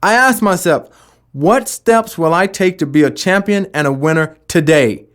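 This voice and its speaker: Man, high voice, motivational talk, emphatic, rhetorical questions. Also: lively intonation, moderate pace, a bit bright. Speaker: motivational speaker.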